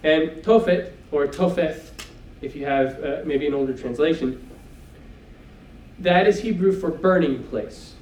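A man's voice: fairly high pitch, a little slow, darkish tone, a little hiss or hum. A man teaching a Bible class in church, talking it through in a conversational way and checking in with "okay?" asides. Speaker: preacher. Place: church hall. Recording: echoey room, mic at a distance.

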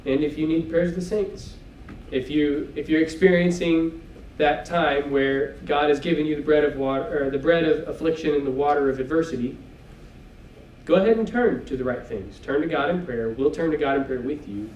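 A man's voice: on the high side, normal speed, darkish tone, slight background noise. A man teaching a Bible class in church, talking it through in a conversational way and checking in with "okay?" asides. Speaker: preacher. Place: church hall. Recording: echoey room, mic at a distance.

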